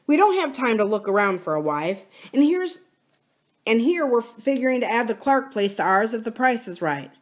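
A wistful, unsettled young farmer who talks in a quiet, musing way, as a woman reads him aloud. He sounds dissatisfied and searching rather than angry. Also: a little high, very animated, normal speed, pitched above the performer's own voice. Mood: restless.

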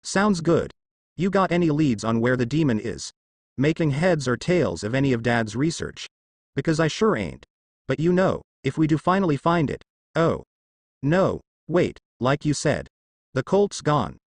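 A man voicing a gruff young man who answers curtly and sarcastically and brushes off his grief. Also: a little high, very animated, measured pace, dry recording, exaggerated voice. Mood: sarcastic. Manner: sarcastic, curt.

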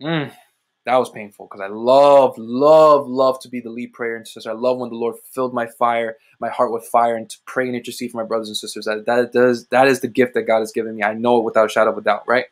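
A young adult man sharing a personal faith testimony on a livestream, speaking emphatically and repeating phrases, with sudden rises in pitch. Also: flat delivery, fast. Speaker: ministry host giving testimony.

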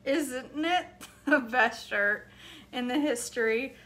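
A woman's voice: sits high, slow pace, fairly bright tone. A woman hosting a casual live cooking chat in her home kitchen, laughing often and reading viewer comments aloud. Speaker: cooking vlog host.

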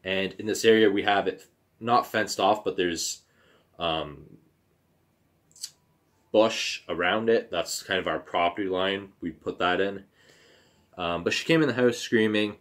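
Young man retelling a hard memory. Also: lowish voice. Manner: halting, emotional retelling with fillers and restarts; blunt, swears casually. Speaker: vlogger. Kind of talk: personal storytime.

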